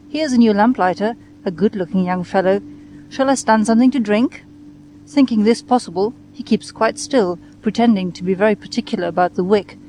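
A woman reading a classic story aloud, measured and expressive. Her voice is mid-pitched, with a faint hiss behind it. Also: rough recording. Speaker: reader.

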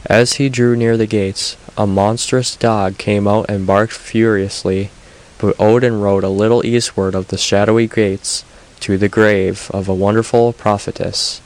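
Low-voiced male myth narrator. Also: flat delivery, a little slow, darkish tone, rough recording. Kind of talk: audiobook narration of myths.

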